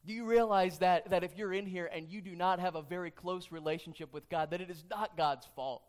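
A man's voice: high-pitched, a little fast, clean tone. A pastor preaching a sermon and reading scripture, earnest, often repeating his questions and restarting phrases. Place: church sanctuary.

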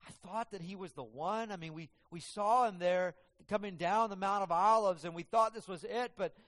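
A preacher doing confused, despairing travelers. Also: male voice, sits high, animated, moderate pace, a bit bright, pitched above the performer's own voice. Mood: distraught. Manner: bewildered, lamenting. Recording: long hall reverb.

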